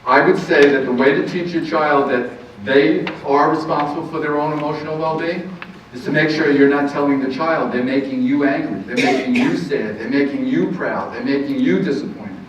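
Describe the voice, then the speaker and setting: Lively middle-aged man speaking from afar. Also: a little high, normal speed, crowd noise. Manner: lively, anecdotal, laughs easily. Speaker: counselor giving a parenting talk. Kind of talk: live talk to an audience. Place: meeting room with audience. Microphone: distant room mic. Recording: echoey room, far-off muffled mic.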